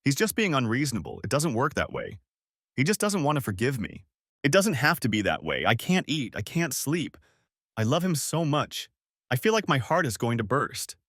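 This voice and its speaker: A man's voice: mid-range voice, very animated, moderate pace, fairly bright tone, no room sound, clean studio sound. A man voicing a heartbroken young wife who whines and begs, in a storybook reading. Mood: whining. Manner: whining, begging, tearful.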